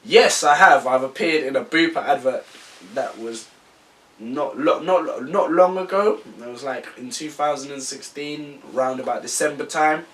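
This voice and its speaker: Laid-back young guy, bright voice. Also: medium pitch, normal speed, distant mic, a little hiss or hum. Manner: laid-back, rambling, slangy, laughs often. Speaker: vlogger. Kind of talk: casual Q&A vlog.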